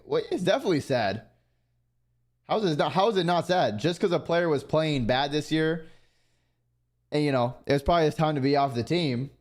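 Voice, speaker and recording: A young man chatting casually on his stream in a laid-back way, trailing off into fillers. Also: mid-range voice.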